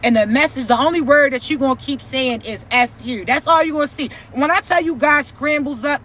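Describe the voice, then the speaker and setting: A woman's voice: sits high, brisk, fairly bright tone, slight background noise. A woman giving a profane, preachy, mocking vlog rant as a spiritual content creator.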